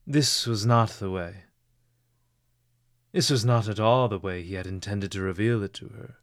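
A man narrating a novel as an audiobook with a measured, expressive reading. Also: lowish voice, no echo, studio quality.

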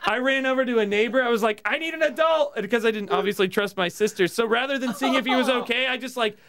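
A man hosting a comedy podcast, telling a childhood story in an animated, laughing way. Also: extremely high pitch, fast talker. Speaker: podcast host. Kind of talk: casual comedy podcast chat.

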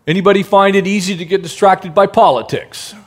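A man preaching a sermon, asking the congregation rhetorical questions and now and then dropping to a soft, gentle tone. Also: high-pitched, fairly even intonation, fairly quick. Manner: drops to a soft, gentle tone for quiet passages. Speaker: pastor.

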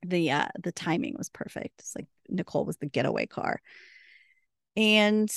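A woman's voice: on the low side, wildly swooping pitch, moderate pace, creaky, no echo, clean studio sound. A woman recapping a TV episode in a casual, chatty way, packed with "like" and retold dialogue. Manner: chatty, laughs often, full of fillers and retold dialogue. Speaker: podcast co-host.

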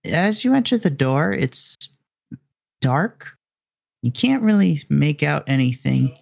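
A man narrating a tabletop game as game master, slow and deliberate as he sets scenes. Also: fairly high pitch, big pitch swings, vocal fry, no room sound, studio quality. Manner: drawn-out, deliberate narration with voiced characters.

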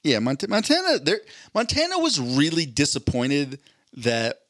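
Brief: male podcast co-host, lively swinging pitch, dry close sound, profane storyteller. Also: unhurried, no echo. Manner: animated storyteller, swears, mimics others. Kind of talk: casual chat.

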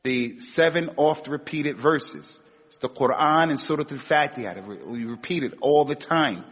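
A man's voice: on the high side, normal speed, breathy edge. An American man teaching an Islamic lecture, emphatic, repeating key words and rising sharply on rhetorical questions. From United States. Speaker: religious teacher. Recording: dull, echoey hall recording.

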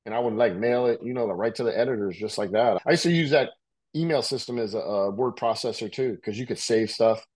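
A middle-aged American man, an interviewed writer, reminisces about his past at a slightly fast clip in a medium-pitched, somewhat mellow voice. The storytelling is loose and slangy, loaded with "like" and "you know," and he coughs from a bong.

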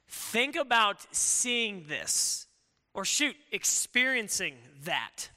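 A man preaching with a high, very bright and smooth voice, talking to the congregation in a lively, conversational way and throwing out rhetorical questions. His voice carries a long hall reverb. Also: unhurried. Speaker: pastor. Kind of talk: sermon.

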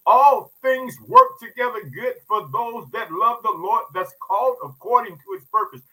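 A man's voice: high-pitched, animated, moderate pace, bright, forceful tone, rough recording. A man preaching a podcast sermon with fervent, folksy energy. He keeps calling his listeners "family" and repeats his points. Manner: casual, folksy speech.

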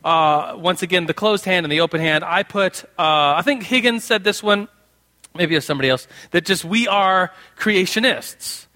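A man's voice: sits high, moderate pace, pushed and bright. A man preaching to a live congregation in a casual, playful teaching tone with jokes. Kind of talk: conversational sermon. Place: in front of a live group in a room.

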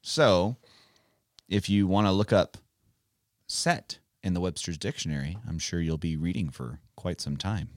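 A man's voice: low voice, unhurried, no echo, clean studio sound. A man hosting a casual Bible podcast for children, talking in a playful, teacherly way. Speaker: podcast host.

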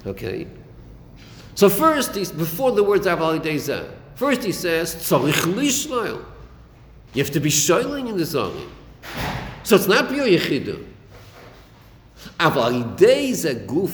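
A man's voice: fairly high pitch, wildly swooping pitch, measured pace, pauses often, a little hiss or hum. A man teaching a Chasidic text class, acting out dialogue and repeating his phrases. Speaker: Torah teacher. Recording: echoey room with long reverb.

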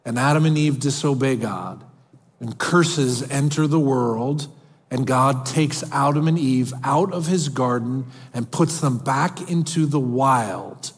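A male pastor preaching a sermon, animated and emphatic, moving between his own words and storybook readings. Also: slow, husky. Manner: animated, emphatic preaching with big pitch swings. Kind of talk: sermon with read-aloud storybook passages. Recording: long hall reverb.

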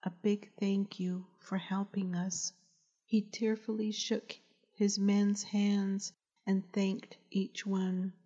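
A woman, the author, reading her novel aloud in a slow, gentle storytelling manner. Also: mid-range voice, flat delivery. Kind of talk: audiobook narration. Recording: dull lo-fi recording.

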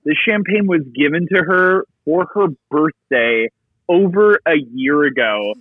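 A man with a fairly high voice chats on a podcast, quick to cut in and set the story straight. His audio is dry and tinny, like a phone line. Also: expressive, no echo. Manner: chatty, quick to correct others. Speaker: podcast co-host. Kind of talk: casual chat.

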